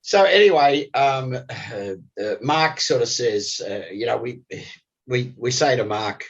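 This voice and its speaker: An older man, a guest musician telling animated stories in an interview. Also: medium pitch, a little slow, creaky, slightly rough. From Australia. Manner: animated storyteller, voice jumps up when excited. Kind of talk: storytelling interview. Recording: slightly dull lo-fi recording.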